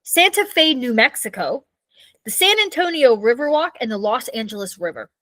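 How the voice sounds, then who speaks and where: A woman's voice: a little high, sing-song, normal speed, fairly bright tone, no echo, low-quality recording. A Canadian woman co-hosting a casual ghost-story podcast, reading from her notes loosely and stumbling over names. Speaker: podcast co-host.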